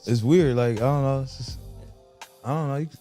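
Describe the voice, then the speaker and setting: A man telling a story as a guest comedian in a casual podcast chat, animated and full of slang. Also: medium pitch, moderate pace, faint music behind.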